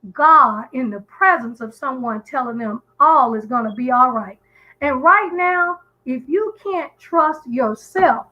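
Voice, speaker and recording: Woman, guest caller, fairly high voice, earnest, emphatic, restarts often, dull lo-fi call audio. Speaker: guest caller on a live stream. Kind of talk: casual call-in chat.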